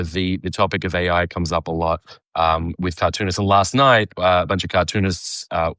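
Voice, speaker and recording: A young Australian man with an accent drifting toward American, a cartoonist chatting casually while he draws, halting, with many fillers and restarts. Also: deep voice, fairly bright tone, no echo, studio quality. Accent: Australian, partly Americanized. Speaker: cartoonist guest. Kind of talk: casual conversation while drawing.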